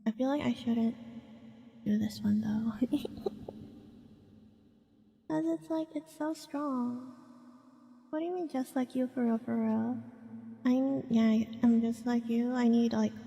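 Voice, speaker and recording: A woman's voice: fairly high pitch, a little slow, gravelly, pauses often, dark tone, husky. A woman from Hong Kong chatting casually with her live-stream chat, laughing often and reacting to viewers. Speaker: VTuber streamer.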